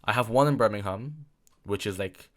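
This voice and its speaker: A young Englishman in his late teens rambles alone on his podcast, full of fillers and repeated words. He speaks at a normal pace in a lowish voice.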